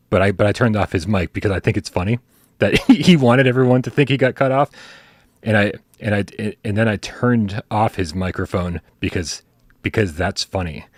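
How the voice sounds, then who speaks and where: A man co-hosting a gaming livestream in casual chat, animated and laughing, with mock exasperation. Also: fairly low pitch, husky, no echo, clean studio sound. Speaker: podcast co-host.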